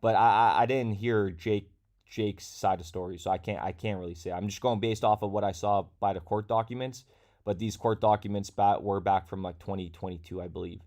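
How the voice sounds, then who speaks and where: A man's voice: on the low side, fairly even intonation, brisk, warm tone. A man hosting a casual crypto livestream, chatty and talking straight to his viewers, at a desk microphone in a room at home. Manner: chatty, reads viewer comments aloud.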